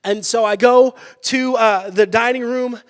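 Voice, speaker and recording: A male pastor giving a sermon, telling a personal story with lively energy and sudden shouted bursts. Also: extremely high pitch, measured pace. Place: church sanctuary. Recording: church hall with long reverb.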